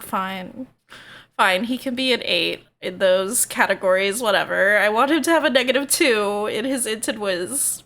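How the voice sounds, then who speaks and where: A woman's voice: lowish voice, bright, forceful tone. A woman streamer in casual, rambling chat, hesitant and self-deprecating.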